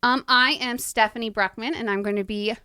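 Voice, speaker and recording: A woman's voice: fairly high pitch, steady tone, fairly quick, sharp tone, smooth, no room sound, clean studio sound. A woman hosting a casual podcast chat, upbeat and welcoming as she introduces the episode. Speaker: podcast host.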